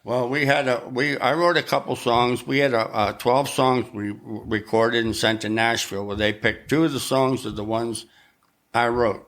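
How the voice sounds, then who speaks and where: Older man, musician guest, casual storytelling, animated, mid-pitched. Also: moderate pace. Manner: animated anecdote-telling, acts out quoted voices.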